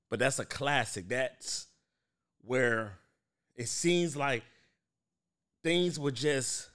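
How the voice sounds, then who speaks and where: A man's voice: medium pitch, fairly bright tone. A man in his thirties hosting a podcast alone, chatting casually and talking straight to his listeners. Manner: chatty, addresses listeners as "y'all", frequent restarts and fillers. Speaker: podcast host.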